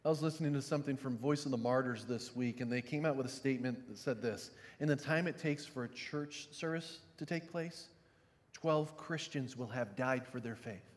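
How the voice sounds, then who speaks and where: Man preaching a sermon in a hall. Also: moderate pace. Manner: swings from quiet, low reflection to loud, emphatic preaching. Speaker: pastor.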